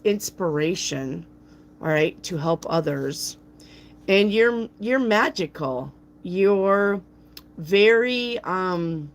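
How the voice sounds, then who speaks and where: A woman with a gruff, raspy voice, hosting a live tarot reading and chatting playfully with viewers by name. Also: lowish voice, slight background noise. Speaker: tarot reader, channel host. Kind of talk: live-stream tarot reading, answering chat.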